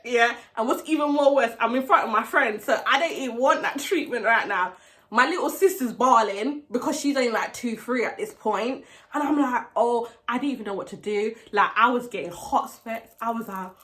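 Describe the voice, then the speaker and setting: A young woman telling a storytime vlog, acting out what people said with shouts and laughs. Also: on the high side, moderate pace. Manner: animated storytelling, acts out quotes with shouts and laughs. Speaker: vlogger.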